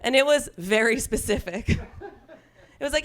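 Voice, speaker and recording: Chatty young comedian woman, slightly high voice. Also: expressive, moderate pace, fairly bright tone. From Long Island. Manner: chatty, self-deprecating, laughs at her own jokes. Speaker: stand-up comedian. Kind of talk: stand-up comedy set. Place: comedy club stage.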